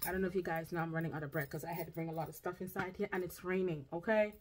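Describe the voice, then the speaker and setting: A woman's voice: fairly low pitch, steady tone, rapid-fire, a little hiss or hum. A woman chatting casually through a grocery haul at home, drawn out and often checking in with "okay?". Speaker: vlogger. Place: home, indoors.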